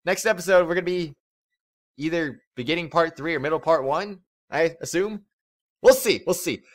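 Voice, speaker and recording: A man hosting a let's play, talking in an excitable, rambling, chatty way. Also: a little high, moderate pace. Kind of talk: casual game commentary.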